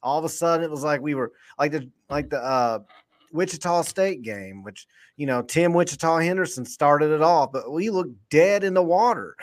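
A man, co-hosting a podcast and rambling excitedly after a football win, full of restarts. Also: on the high side, normal speed. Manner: animated, rambling, lots of restarts. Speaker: podcast co-host. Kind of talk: excited postgame sports chat.

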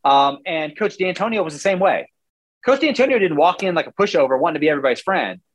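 Man, 40s, former player, football analyst, animated, rambling, slightly high voice. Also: fast talker, muffled recording. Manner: animated, rambling, acts out quoted coaches. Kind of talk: casual sports talk.

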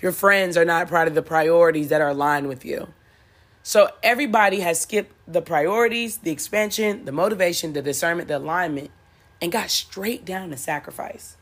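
A spiritual motivational speaker with a fairly low voice delivers a preachy monologue at normal speed. She's blunt and profane, repeats lines for emphasis, and laughs at her own jokes.

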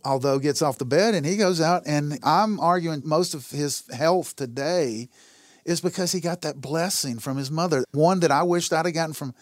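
A man's voice: moderate pace, no echo, clean studio sound. A man in his sixties telling an emotional personal story as a guest, earnest, acting out what others said. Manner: earnest, acts out quotes with rising pitch.

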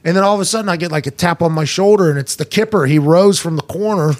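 High-voiced animated podcast host. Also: male voice, fast talker. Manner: animated, laughing, acts out voices in stories. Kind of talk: casual storytelling chat.

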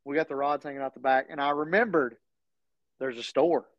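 A man's voice: mid-range voice, a little fast, no echo. A man telling a story as a podcast co-host, often laughing as he talks. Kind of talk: casual storytelling chat. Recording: dull lo-fi sound.

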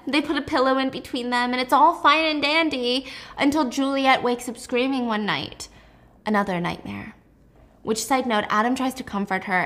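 A young woman casually recapping a novel in a gossipy, animated way, full of fillers like "like". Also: on the high side. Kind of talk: casual chatty book recap.

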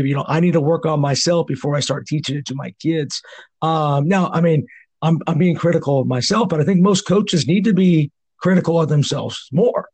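A man's voice: on the high side, a little mellow. Earnest man hosting a coaching podcast. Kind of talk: casual podcast interview.

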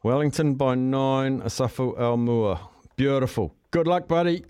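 A man's voice: mid-range voice, moderate pace, a little mellow, clean tone, no room sound, studio quality. A man with a New Zealand accent hosting a casual radio call-in show, chatty and upbeat with callers. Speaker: radio host.

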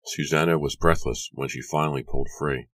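A man narrating a horror audiobook in a hushed, suspenseful storytelling manner. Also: a bass voice, fairly even intonation, a little fast, no echo.

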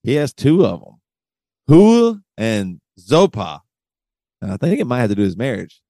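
A man's voice: mid-range voice, wildly swooping pitch, normal speed, mellow, no echo, studio quality. A man hosting a podcast in casual chat, loose and jokey, often breaking into laughter. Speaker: podcast host.

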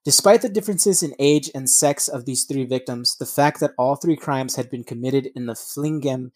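A man's voice: medium pitch, normal speed, no echo. Man reading true crime, blunt and profane. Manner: profane, blunt, stumbles over names. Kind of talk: reading a case aloud with casual asides.

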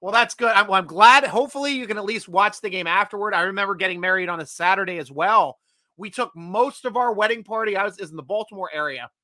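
A man's voice: high-pitched, quick pace, dry recording. A man hosting a casual sports fan livestream, chatting energetically and reading out viewer comments. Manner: energetic, chatty, bursts of loud excitement.

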